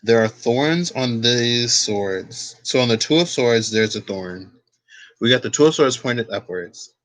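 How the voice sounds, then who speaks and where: A man does a casual tarot reading, chatty and curious, rambling and drifting off on tangents. His voice is medium-pitched, animated, fairly bright, and a little slow.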